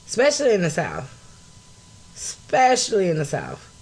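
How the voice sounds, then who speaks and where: With a slightly rough, low-leaning voice that swings hugely in pitch at normal speed, this American podcast host speaks alone with blunt anger. She curses freely, climbs to shouting, and stops to greet viewers in the live chat.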